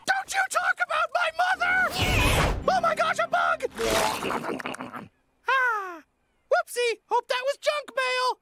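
Brief: clingy, hyper-cheerful cartoon house-owl creature, male, extremely high and shrill, slow and drawn out, hooting all the time. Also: background noise. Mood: manic excitement. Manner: constant exclamations, punctuated by hooting. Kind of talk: animated cartoon voice acting. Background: loud cartoon score.

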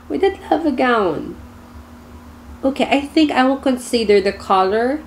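A woman's voice: high voice, lively intonation, measured pace, slight background noise. A woman with a Filipino accent reacting to pageant gowns in a casual vlog, gushing and torn between favorites, full of exclamations. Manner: gushing, indecisive, lots of exclamations. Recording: music playing behind.

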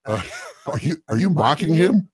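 Husky, laughing male comedy co-host. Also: on the high side, animated, no room sound, studio quality. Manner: laughs often, talks in quick bursts. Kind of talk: comedy banter.

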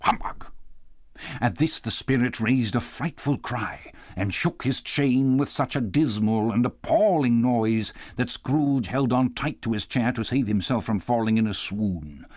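A man reading a classic novel aloud as an audiobook narrator, measured and expressive. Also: medium pitch, no echo, clean studio sound. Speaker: audiobook reader. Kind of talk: scripted narration.

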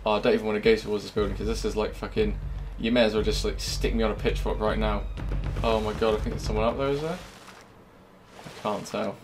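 Swearing gamer, low voice. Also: male voice, steady tone, fast talker. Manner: swearing, jumpy, swings from low muttering to loud yelling. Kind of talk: live gameplay commentary. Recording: game music playing under the voice.

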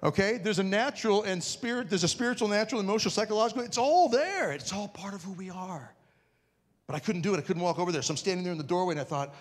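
A man giving a conference talk to an audience, telling a funny personal story in an animated, self-mocking way and acting out scenes. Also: high voice, quick pace. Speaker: conference speaker. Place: large parish hall with an audience. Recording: reverberant hall.

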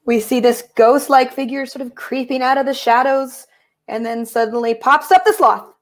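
A woman's voice: on the high side, a little fast. A woman reading her picture book aloud over a video call, chatty and giggly, lightly voicing the animals. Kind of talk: storytime read-aloud.

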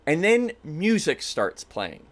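Animated man narrating a tabletop game. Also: on the high side, takes it slowly. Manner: animated, casual storytelling. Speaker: game master.

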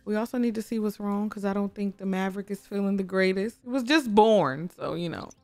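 A young woman giving casual gameplay commentary, gushing, excitable and talking to her game characters, often breaking into high squeals. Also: brisk. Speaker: gaming YouTuber. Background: faint background music.

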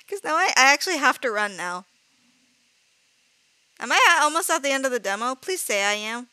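A woman's voice: on the high side, animated, normal speed, long pauses, bright, forceful tone, no room sound. A woman streaming a horror game live, jumpy and easily frightened. She laughs nervously, shrieks when scared, swears casually and keeps apologizing to her viewers. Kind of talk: live gameplay commentary.

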